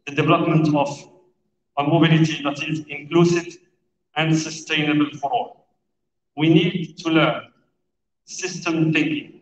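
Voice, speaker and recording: A man delivering a formal, prepared opening speech at a conference, speaking in a measured and deliberate way. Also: fairly high pitch. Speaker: conference speaker for an international road federation. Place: large conference hall. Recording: echoey hall, distant and dull.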